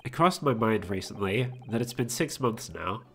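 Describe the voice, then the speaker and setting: A man's voice: fairly low pitch, expressive, moderate pace, soft background music, voice pushed down. A man reading a mild, glum young lawyer. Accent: British, put on.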